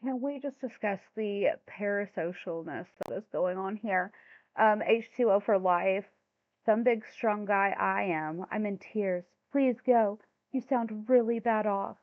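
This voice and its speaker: A woman's voice: mid-range voice, a little slow, no room sound. A woman hosting a reaction commentary, sounding exasperated and incredulous, stumbling over her words when flustered. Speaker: commentary channel host. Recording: thin phone-like dry sound.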